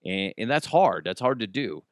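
A man's voice: lowish voice, sing-song, normal speed, no echo, studio quality. A man hosting a casual podcast from home, rambling, joking and riffing. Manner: rambling, jokey, riffing into silly voices. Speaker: podcast host. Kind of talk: casual solo podcast chat. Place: home basement.

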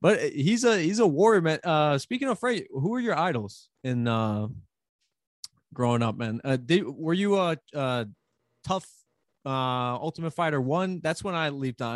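Podcast host, man, joking and animated, slightly high pitch, dry close sound. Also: moderate pace, no echo. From Long Island, New York. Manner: joking, animated, swears freely. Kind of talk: casual podcast chat.

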